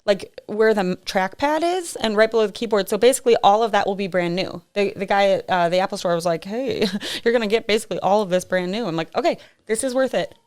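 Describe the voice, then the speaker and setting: A woman's voice: mid-range voice, quick pace. A young woman co-hosting a podcast, chatting casually and laughing often as she tells a story. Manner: giggly, chatty, animated storyteller. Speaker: podcast co-host. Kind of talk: casual chat.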